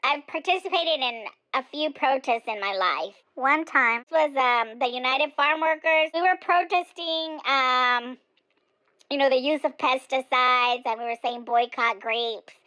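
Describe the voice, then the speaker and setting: Someone playing an opinionated older woman, high-pitched, rambling with fillers. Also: unhurried, sharp tone, clear, resonant tone, poor audio. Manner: chatty, digressive, many fillers. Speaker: comedic character monologue.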